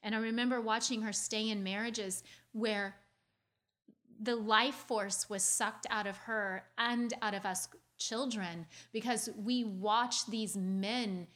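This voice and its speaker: A woman sharing a painful childhood story with her audience in an earnest, confiding way, talking quickly and restarting her phrases as she speaks. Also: medium pitch, fairly bright tone. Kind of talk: heartfelt personal storytelling.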